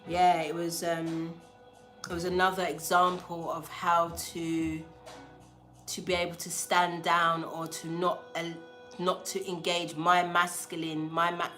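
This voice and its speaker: Woman, slangy livestream storytelling, animated, acts out dialogue, lowish voice, faint background music. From England. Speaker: spiritual livestream host. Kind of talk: casual storytelling to a live audience.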